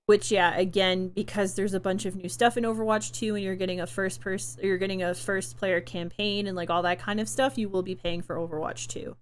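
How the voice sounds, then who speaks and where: A woman's voice: mid-range voice, steady tone, fairly quick, hardly any pauses. A young adult woman streamer in casual live-stream chat, chatty and giggly, rambling with fillers, her throat tired from talking.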